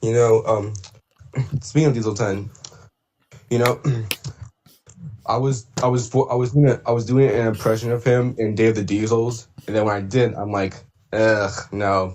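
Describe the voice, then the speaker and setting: A man chatting casually on a livestream about doing voice impressions, rambling with many fillers and throat clears. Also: fairly low pitch, fairly even intonation, normal speed, darkish tone. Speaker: streamer and voice impressionist.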